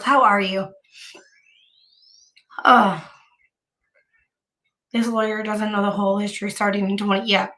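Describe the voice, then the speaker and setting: A woman live streamer, hoarse from bronchitis, chats casually with her viewers in a medium-pitched, fairly bright voice. Heavy vocal fry colors her rambling talk, which is full of restarts.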